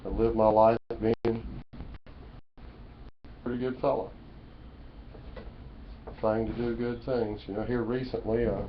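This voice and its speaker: Lower-voiced man rambling into a webcam. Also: little pitch movement, a little slow, long pauses. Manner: folksy, preachy, repeats "you know" and "man". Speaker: vlogger. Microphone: webcam mic. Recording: dull lo-fi webcam audio with faint room noise.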